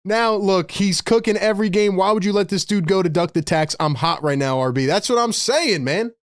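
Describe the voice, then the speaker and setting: High-voiced excitable male play-by-play host. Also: brisk, no echo, studio quality. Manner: excitable and casual, slangy, bursts into laughter. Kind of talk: live play-by-play commentary.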